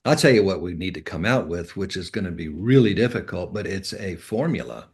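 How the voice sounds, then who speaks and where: A man's voice: sits low, very animated, a little fast, a little mellow. A man talking as a guest on a casual podcast, rambling and instructive, sometimes spelling out words. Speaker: health guest.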